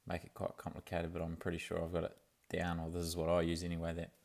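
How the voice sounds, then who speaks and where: A man's voice: low voice, completely flat delivery, fast, vocal fry, a little mellow. A young man, talking in a laid-back, rambling way for his video diary, full of fillers and restarts. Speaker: vlogger.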